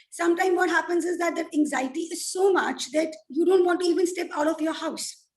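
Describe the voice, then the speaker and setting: High-voiced woman explaining anxiety. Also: a little mellow, rough recording. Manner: earnest, explanatory, frequent "you know" fillers. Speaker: mental health expert. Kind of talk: explanatory panel talk.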